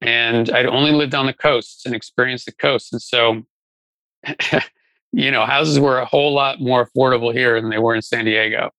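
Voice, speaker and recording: A man's voice: medium pitch, fairly even intonation, normal speed, pushed and bright, dry recording, low-quality recording. A middle-aged man talking casually as an interview guest, telling his career story with lots of fillers and restarts. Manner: conversational, many fillers and restarts. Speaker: guest, venture investor.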